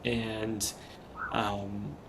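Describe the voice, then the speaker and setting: A young man in his twenties, a podcast guest, recounting a hard personal story in a casual, earnest, halting way. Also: lowish voice, flat delivery, fairly bright tone, a little hiss or hum, poor audio. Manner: earnest, halting, retelling step by step.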